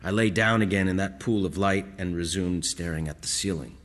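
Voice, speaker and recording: A man's voice: sits low, a little fast, big-room sound. A man reading a first-person story aloud in a wistful, reflective way. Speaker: audiobook narrator. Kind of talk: scripted first-person narration.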